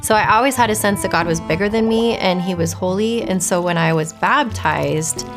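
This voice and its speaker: A woman's voice: mid-range voice, normal speed. Candid woman telling her personal story. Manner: reflective, candid, with soft laughs. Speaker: interviewee sharing her testimony. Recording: faint music underneath.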